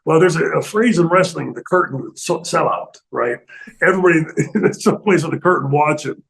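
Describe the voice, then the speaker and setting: Gravelly man telling animated stories. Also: a little high, normal speed, low-quality recording. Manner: animated, acts out other people's lines, laughs often. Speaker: retired pro wrestler guest telling stories. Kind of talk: casual storytelling in a podcast interview. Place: studio.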